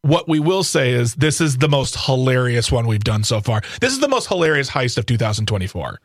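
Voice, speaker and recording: A man's voice: medium pitch, very animated, a little fast, no echo, studio quality. A man co-hosting a talk radio show, telling a news story in a wry, playful, joking way. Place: radio studio. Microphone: studio microphone.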